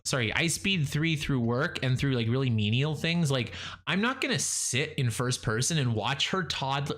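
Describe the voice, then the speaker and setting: A man streams gameplay live, chatting casually with lots of fillers and restarts, his pitch climbing when he gets excited.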